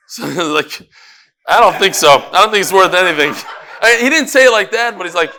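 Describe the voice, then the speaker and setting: Lively bright-voiced man teaching Talmud. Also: on the high side. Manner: lively, joking asides mixed with fast Talmud reading. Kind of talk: daily Talmud class.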